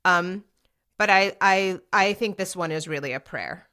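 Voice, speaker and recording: Chatty woman podcast host, lowish voice. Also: a little slow, clear, resonant tone. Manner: chatty and animated, many fillers and restarts. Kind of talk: casual solo podcast monologue. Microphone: speaking to a camera for a video podcast.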